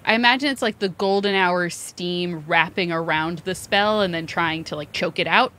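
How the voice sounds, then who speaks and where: Relaxed, dry-voiced woman at a tabletop game. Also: on the low side, moderate pace. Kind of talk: casual tabletop play.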